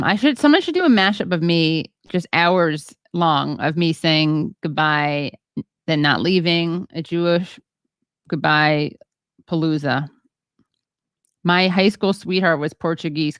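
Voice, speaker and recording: Woman host, low voice, rambling chatty stream talk, dry close sound. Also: smooth, no echo. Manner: rambling, halting, many fillers; self-deprecating, chatty. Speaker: show host. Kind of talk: casual livestream chat reading viewer comments.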